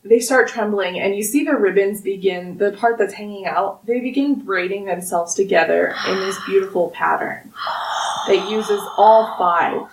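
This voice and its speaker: A woman narrating as game master of a tabletop game, describing scenes slowly and with relish. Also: medium pitch, creaky, a little hiss or hum. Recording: roomy, distant mic.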